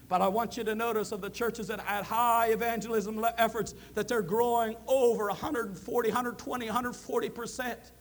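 High-voiced fervent male preacher. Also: slight background noise. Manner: preaching with rising fervor, building to loud emphatic peaks. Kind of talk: sermon.

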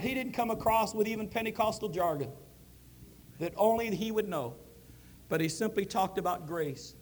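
A man preaching a sermon as a minister, building to loud, emphatic peaks. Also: very high-pitched.

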